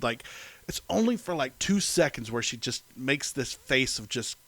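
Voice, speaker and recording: A man co-hosting a podcast in casual chat who rambles with enthusiasm and fills his pauses with many fillers. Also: mid-range voice, lively intonation, fairly bright tone, no echo. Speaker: podcast co-host.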